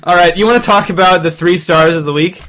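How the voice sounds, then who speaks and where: Young male podcast co-host, bright, slightly high, playful and quick to laugh. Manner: giggly, jokey, puts on silly quick voices. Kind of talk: casual hockey chat.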